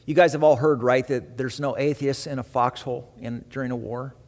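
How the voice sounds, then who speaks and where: A man preaching as pastor to his church, with an animated delivery, rising for emphasis and slowing for dramatic pauses. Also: medium pitch, in a large hall. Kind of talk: sermon. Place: church sanctuary.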